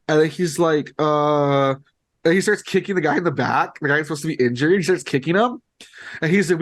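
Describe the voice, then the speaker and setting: A man's voice: a little high, fast. A man co-hosting a podcast, retelling a show in a rambling, filler-heavy casual chat. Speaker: podcast co-host.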